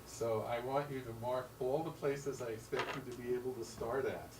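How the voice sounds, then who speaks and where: A man's voice: medium pitch, fairly even intonation, normal speed, noisy background. A man teaching a piano lesson, counting beats aloud and singing rhythms in syllables. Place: room with a piano. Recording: roomy sound, mic at a distance, loud piano. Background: piano playing.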